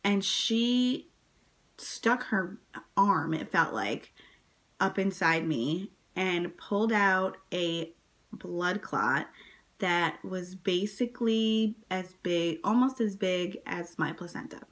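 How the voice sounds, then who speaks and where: A woman talking straight to camera about a big day in her life, loose and conversational. Her speech is packed with "like" and "um", and she jumps up into a high voice whenever she quotes people. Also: takes it slowly, fairly bright tone. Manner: chatty, many fillers, acts out quotes in a high voice. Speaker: vlogger telling her birth story. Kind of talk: casual personal storytelling to camera.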